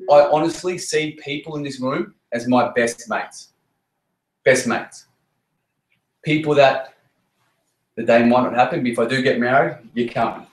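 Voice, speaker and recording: A man leads a motivational talk for his team, blunt and punchy, swearing freely and repeating his key lines. His voice sits at an ordinary middle pitch for a man. The room gives it a noticeable echo. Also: normal speed. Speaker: network marketing team leader. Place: meeting room with a group. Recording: roomy echo.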